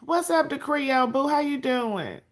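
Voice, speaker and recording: A woman's voice: high-pitched, expressive, normal speed. A woman hosting a casual livestream, sassy and profane, greeting viewers by name. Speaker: livestream host.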